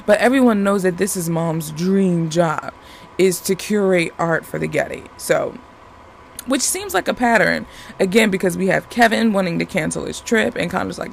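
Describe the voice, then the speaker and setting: A man talks through a TV episode in a loose, chatty recap. His voice sits high with a gravelly rasp, and he keeps restarting sentences and filling pauses as he goes. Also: slight background noise. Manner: rambling, many fillers and restarts.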